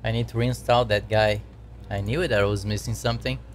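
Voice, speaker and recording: A man's voice: on the low side, fairly even intonation, a little fast, slight background noise. A man chatting casually while he codes on a live stream, talking to his viewers and laughing at his own troubles. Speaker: game developer streaming his work.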